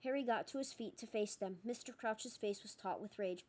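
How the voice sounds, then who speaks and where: A woman reading a novel aloud as narrator, steady and expressive with small slips. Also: a little high, normal speed. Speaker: audiobook reader.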